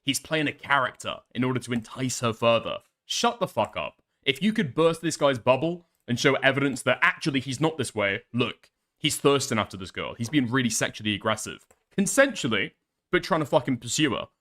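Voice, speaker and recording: A man reacts off the cuff in a profane, sarcastic rant. His voice is bright and tense, and its pitch swings widely as he pushes his points. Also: very animated, fairly quick. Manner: profane, emphatic, sarcastic ranting. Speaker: streamer reacting to a video. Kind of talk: casual reaction commentary.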